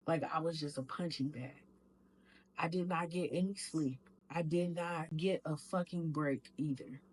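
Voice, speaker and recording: A woman's voice: lowish voice, a little mellow, poor audio. Woman candidly recounting a painful ordeal. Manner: raw, emotional, profane retelling, acts out quotes. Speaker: vlogger telling her own story. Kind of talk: candid personal storytelling.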